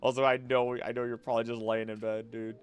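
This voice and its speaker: A man's voice: mid-range voice, level tone, quick pace, clean tone. A young man streaming late at night, chatting casually and thinking aloud, often restarting his sentences and drifting off topic. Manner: rambling, easily distracted, musing aloud with many restarts.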